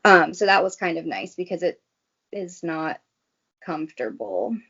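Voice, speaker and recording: A woman's voice: lowish voice, expressive, a little slow, a bit bright. A young woman, a guest on a casual chat show, telling a personal story in a chatty way full of "like"s. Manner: chatty, filler-heavy storytelling with many "like"s. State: briefly tearful. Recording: dull lo-fi sound.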